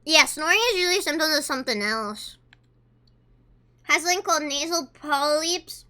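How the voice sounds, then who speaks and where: Bright, high-pitched woman streamer. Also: normal speed. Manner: chatty, talks while eating, reads chat aloud. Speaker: livestreamer. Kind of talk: casual live-stream chat.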